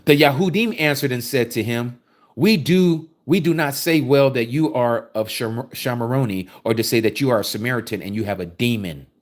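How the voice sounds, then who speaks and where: A man preaching a sermon, reading scripture aloud and explaining it with forceful rhetorical questions. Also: medium pitch, moderate pace.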